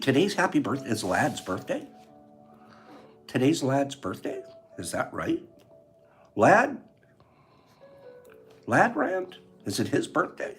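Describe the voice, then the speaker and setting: An older man hosting a casual live chat, playful and joking, laughing often and reading out viewers' answers. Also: mid-range voice. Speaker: livestream host.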